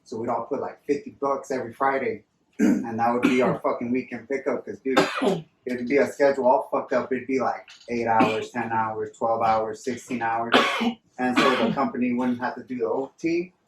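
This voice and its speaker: A man's voice: medium pitch, level tone, moderate pace, recorded from a distance, very noisy. A man from Central California co-hosting a podcast, telling profane, rambling stories in a casual chat. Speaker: podcast co-host. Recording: roomy sound, voice away from mic, faint ambience.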